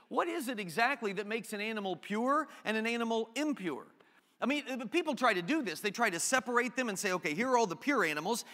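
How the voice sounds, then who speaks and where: Guy pastor giving a sermon, chatty and jokey, bright voice, echoey church. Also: high voice. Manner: conversational, joking asides.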